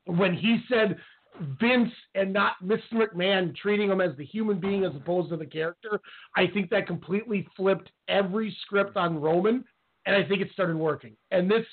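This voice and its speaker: Male co-host, high voice, excitable, phone-line audio. Casual wrestling chat. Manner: animated, acts out quotes. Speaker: podcast co-host.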